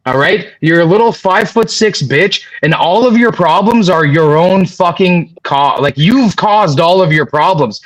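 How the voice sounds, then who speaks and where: A man's voice: high-pitched, a little slow, hardly any pauses, poor audio. A man on a livestream panel, furiously cursing out a chatter in a long profane rant. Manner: angry, profane ranting at a chatter.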